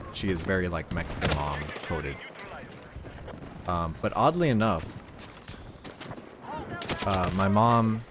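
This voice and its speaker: A man's voice: low voice, background noise. A man streaming a shooter game, rambling in casual chat, swearing freely, with a neutral accent. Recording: loud gunfire from the game behind voice.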